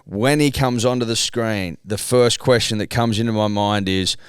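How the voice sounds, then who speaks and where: A man's voice: fairly low pitch, moderate pace, smooth, dry recording, clean studio sound. A man with an Australian accent co-hosting a podcast, swearing freely and joking in fired-up banter. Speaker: podcast co-host. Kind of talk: casual banter.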